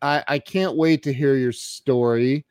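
A man's voice: mid-range voice, steady tone, moderate pace, crowd noise. A man hosting a casual live-stream interview, jokey and chatty, greeting viewers by name. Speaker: podcast host.

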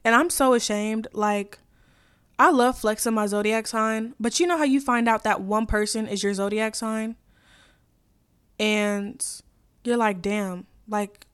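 A young woman hosting a podcast, ranting in a blunt, profane, sassy casual chat that swings between loud and quiet. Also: a little high, clean tone. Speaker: podcast host.

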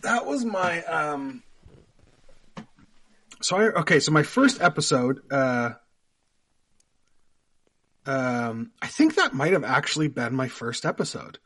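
A man's voice: on the high side, big pitch swings, takes it slowly, long pauses, a bit bright, slightly rough. A young Canadian man, a guest actor on a podcast, telling rambling stories with lots of fillers and laughter. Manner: rambling storyteller, laughs often, many fillers. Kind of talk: casual podcast interview.

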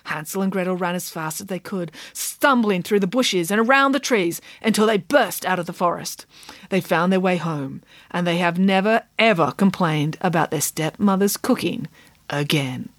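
A woman reading a comic children's story aloud with playful, expressive narration. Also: fairly low pitch, normal speed, dry recording, clean studio sound. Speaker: audiobook narrator. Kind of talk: scripted narration.

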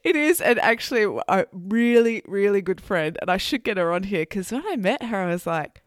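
A woman hosting an interview, telling stories in a casual, animated way. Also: medium pitch, normal speed, dry recording, studio quality. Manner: animated, laughing storyteller.

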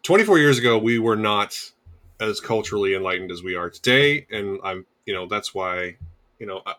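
A man's voice: lowish voice, animated, a little fast, sharp tone. A man hosting a podcast in casual chat, rambling and wry, often restarting his sentences. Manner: rambling, self-correcting, wry. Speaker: podcast host.

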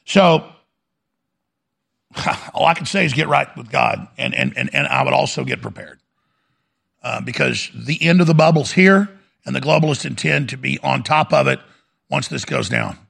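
A radio talk show host delivers an urgent, fiery monologue packed with repetition. His medium-pitched voice is gravelly yet a bit bright, moving at a moderate pace with frequent pauses.

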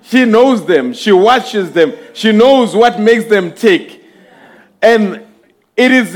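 A preacher speaks directly to his congregation in a high voice, lingering over each phrase. His sermon builds in slow, emphatic swells that rise and fall.

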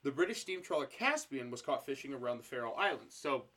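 A man's voice: mid-range voice, very animated, fast, bright, forceful tone. A man co-hosting a podcast, telling a history story in casual chat, joking, swearing a lot and laughing often.

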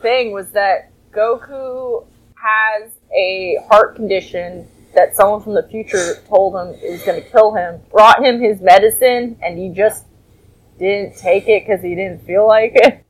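A woman co-hosting a casual podcast, recapping a cartoon in an animated way and breaking into laughs. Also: mid-range voice, unhurried, low-quality recording. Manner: animated, laughing, acts out characters in quotes. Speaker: podcast co-host.

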